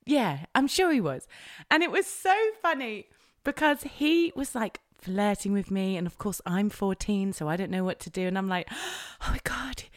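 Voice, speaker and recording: Giggly, animated woman in casual chat. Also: medium pitch, moderate pace, dry recording, studio quality.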